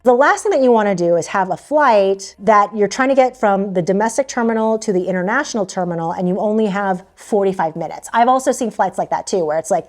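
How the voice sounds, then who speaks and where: A woman's voice: medium pitch, darkish tone. A young adult woman giving travel tips in a chatty, casual way, with lots of fillers and frequent laughs. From Philippines-connected American. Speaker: travel vlogger. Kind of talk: casual talk to camera.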